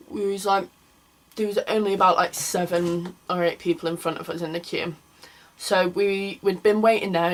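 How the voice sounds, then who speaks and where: A woman's voice: lowish voice, fairly bright tone, low-quality recording. Chatty young woman. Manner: chatty, lots of "like", acts out quoted people. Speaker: vlogger. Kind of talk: casual storytelling to camera.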